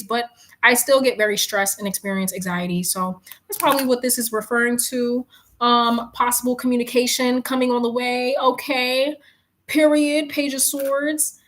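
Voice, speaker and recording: A woman doing a casual live tarot reading, chatting, animated and swearing casually. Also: fairly high pitch. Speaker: live-stream tarot reader. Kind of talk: casual live-stream chat.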